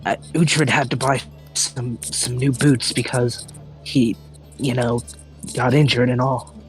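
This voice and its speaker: A man's voice: mid-range voice, flat delivery, slow pace. A man playing a tabletop role-playing game, talking in character with a stammering, hesitant delivery, with faint music behind him. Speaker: tabletop player.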